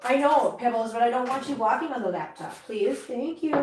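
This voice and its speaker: A woman hosting a casual livestream from home, chatting with viewers and cooing at her cats in a high sing-song voice. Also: animated, fast, darkish tone, echoey room. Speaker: host. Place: home room full of cats. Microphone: laptop mic.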